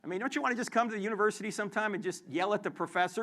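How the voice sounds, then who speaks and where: A man giving a lively apologetics lecture to a student audience in a university hall, joking and quizzing the crowd with questions. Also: high voice, rapid-fire. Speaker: Christian apologist speaker.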